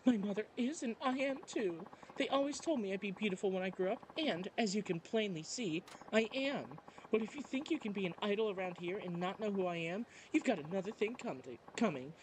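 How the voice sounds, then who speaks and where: A man's voice: high-pitched, expressive, brisk, few pauses, a little hiss or hum, poor audio. A man reading a game aloud, voicing a vain young female idol rival with a haughty, taunting manner. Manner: haughty, taunting, self-important. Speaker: let's play narrator.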